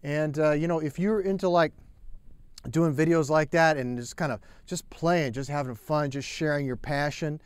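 A man giving a relaxed, chatty drum lesson, counting beats aloud as he plays. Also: fairly high pitch, normal speed, clean tone, dry recording. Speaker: drum teacher. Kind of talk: casual spoken drum lesson.

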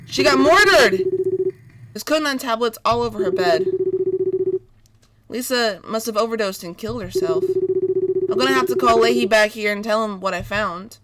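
A woman playing a horror game and commenting in a goofy, playful way, with baby-talk words, who gets excitable and jumpy when scared. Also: a little high, normal speed, pauses often, over a noisy crowd, rough recording. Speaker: gaming YouTuber. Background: loud eerie game music.

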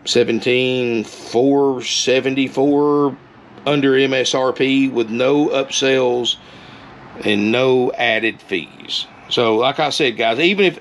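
A man giving a casual, folksy sales pitch for an RV, repeating himself and calling viewers "guys". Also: a bit bright, a little hiss or hum. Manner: folksy, repetitive, keeps saying "guys".

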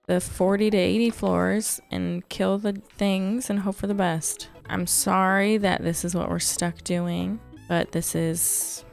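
A young woman hosting a casual let's-play, muttering in exasperation and then bursting into relieved excitement. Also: mid-range voice, gravelly. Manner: animated, exasperated muttering with sudden joyful outbursts. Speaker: gaming channel host.

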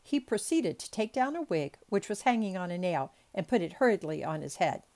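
A woman's voice: mid-range voice, sing-song, a little fast, darkish tone. Chatty woman reading an audiobook. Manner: chatty asides and stumbles over words. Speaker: audiobook reader. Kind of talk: amateur audiobook narration.

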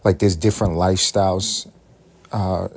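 A man from Puerto Rico hosting a solo podcast, thinking aloud in a rambling, self-questioning way with drawn-out phrases. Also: low-pitched, fairly even intonation, background noise. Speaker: podcast host.

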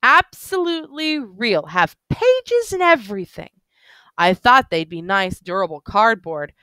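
A woman reading a novel aloud, voicing an excitable, drunk, stout middle-aged man in big spectacles who talks insistently and rambles. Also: mid-range voice, a little slow, clean tone, no room sound. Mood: excited.

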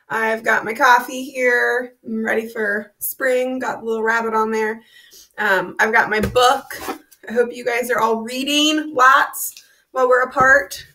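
A woman teacher chats cheerfully to her pupils in a bright, clear voice, a little high-pitched. She sounds relaxed and friendly.

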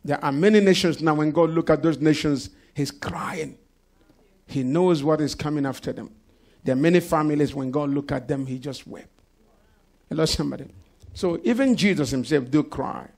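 Male pastor, gravelly, slightly high voice, preaching with congregation call-outs. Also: moderate pace, a little mellow. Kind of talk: sermon. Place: church service.

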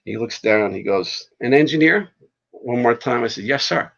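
A man, a podcast guest and fire chief, telling stories in a casual, animated way and swearing freely. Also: on the low side, normal speed, creaky. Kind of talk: casual storytelling. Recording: dull lo-fi podcast audio.

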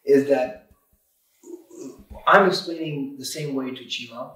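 A man who owns an auto repair shop, talking as a guest on a podcast interview in an emphatic, animated way and leaning often on "you know" and "literally". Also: medium pitch, slow pace. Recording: roomy sound from a distant mic.

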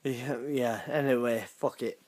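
Laid-back, slow British guy. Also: mid-range voice, steady tone, darkish tone, soft background music. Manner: swearing, laughing, laid-back. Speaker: gaming channel host. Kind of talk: casual reaction commentary.

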